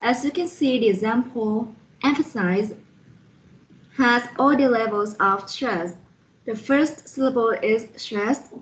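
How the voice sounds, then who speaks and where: Slow, high-voiced woman explaining phonetics. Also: muffled recording. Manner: slow, careful, reads out spellings letter by letter. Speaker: student presenter reviewing a phonetics lesson. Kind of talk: slide-by-slide explanatory lesson.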